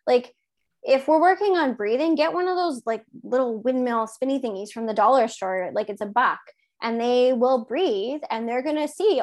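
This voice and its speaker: A woman in her thirties co-hosting a casual parenting talk, animated and acting out quoted lines. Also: moderate pace. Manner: animated, acts out quoted speech in a higher voice.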